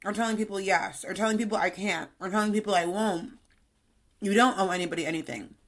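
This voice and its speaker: Woman in her thirties, fitness coach co-host, sassy and chatty, mid-pitched voice. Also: fast. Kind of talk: casual podcast chat.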